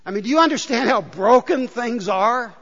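Pastor, male, lively high-ish voice, emphatic sermon delivery, dull, echoey church recording. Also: normal speed, slightly rough. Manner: emphatic, rhetorical questions to the congregation. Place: church sanctuary. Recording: dull, reverberant church hall.

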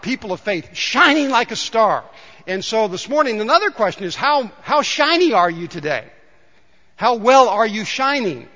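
A man's voice: sits high, sharp tone. A man preaching a conversational sermon in a church, often asking the congregation questions. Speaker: pastor. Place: church sanctuary. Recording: dull reverberant church recording.

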